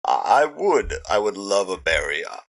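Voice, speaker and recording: Man doing a hearty, gravelly adventurer. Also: deep voice, very animated, normal speed, heavily acted. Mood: friendly.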